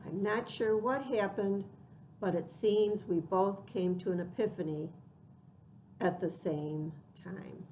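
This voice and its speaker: A middle-aged woman telling a personal story in an unhurried, reflective way, acting out quoted lines with animated lift. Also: mid-range voice, a little hiss or hum, poor audio.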